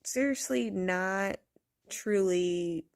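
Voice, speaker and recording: Slow, gravelly-voiced woman ranting bluntly. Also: mid-range voice. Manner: blunt, profane, rambling, laughs often. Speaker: vlogger. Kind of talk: casual rant to camera.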